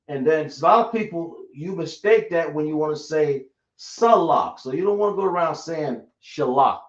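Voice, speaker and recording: Guy teaching a class real slow, keeps checking everyone gets it, roomy echo, kinda muffled. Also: on the high side. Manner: slow, repetitive explaining, checking the class often. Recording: echoey room, dull lo-fi sound.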